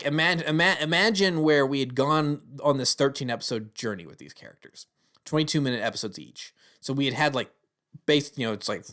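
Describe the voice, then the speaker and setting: A man talks through a TV series in a loose, rambling review. His voice sits at an ordinary middle pitch. He sounds earnest and conversational. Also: fairly bright tone. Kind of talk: casual spoken review.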